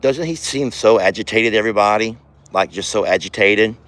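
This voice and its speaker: A man's voice: fairly low pitch, moderate pace, fairly bright tone. A man hosting a casual farm vlog outdoors, chatty and folksy, talking affectionately to his animals. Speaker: ranch owner and vlogger.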